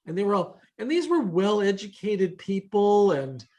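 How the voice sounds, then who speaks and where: A man's voice: high voice, sing-song, moderate pace, dark tone. Man hosting a rambling roundtable chat. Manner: rambling anecdotes with hesitant restarts. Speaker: host. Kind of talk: casual roundtable conversation.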